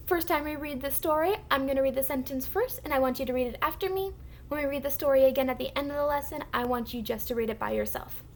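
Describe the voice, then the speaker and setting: A woman teacher giving a recorded phonics lesson to young children, sounding out words slowly and clearly for them to repeat. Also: sits high, slight background noise.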